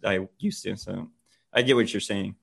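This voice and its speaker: A man chatting casually on a podcast in a relaxed, hesitant, offhand way. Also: on the low side, normal speed, creaky, breathy edge. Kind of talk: casual chat.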